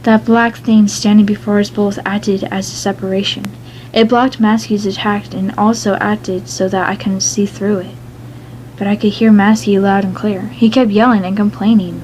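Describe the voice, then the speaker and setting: A woman's voice: mid-range voice, little pitch movement, normal speed, darkish tone, a little hiss or hum, low-quality recording. A woman reading a fan fiction story aloud in a plain voice, stumbling over the odd word.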